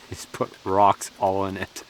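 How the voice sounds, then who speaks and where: A man's voice: low voice, monotone, slow pace, slight background noise. A man chatting casually while cooking at an outdoor forest camp, joking and laughing often.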